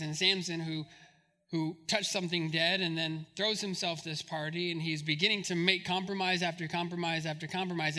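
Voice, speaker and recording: High, bright-voiced male preacher. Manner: humorous, conversational asides to the congregation. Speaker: pastor. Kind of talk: sermon.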